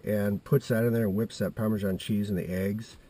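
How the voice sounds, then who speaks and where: Low husky man in his fifties. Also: fairly even intonation, brisk, warm tone. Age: 50s. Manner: meandering, with many restarts and asides. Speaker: vlogger telling a personal story. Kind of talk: casual rambling storytelling.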